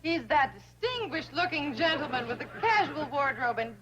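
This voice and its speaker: An actress playing a sassy, teasing young bank secretary in a 1960s sitcom. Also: female voice, high voice, expressive, normal speed, a crowd in the background. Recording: dull old TV soundtrack with hiss.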